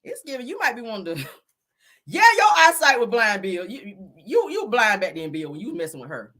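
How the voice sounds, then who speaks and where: A woman hosting a celebrity gossip stream in casual, profane, animated chat, acting out the people she talks about. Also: mid-range voice, moderate pace. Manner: animated, sassy, profane, acts out people with voices.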